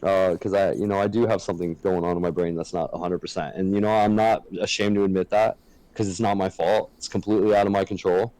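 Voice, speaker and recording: A man co-hosts a casual podcast in a frank, earnest way, swearing freely as he talks. His voice sits a little low, and the sound is close and dry with no room echo. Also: fairly even intonation, fast, dark tone. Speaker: podcast co-host.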